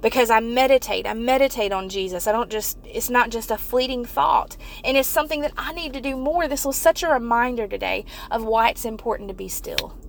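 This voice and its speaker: A woman's voice: a little high, a little fast, vocal fry, hardly any pauses. A woman giving an earnest devotional talk to viewers, often repeating and restarting phrases as she builds to fervent emphasis. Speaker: Christian speaker.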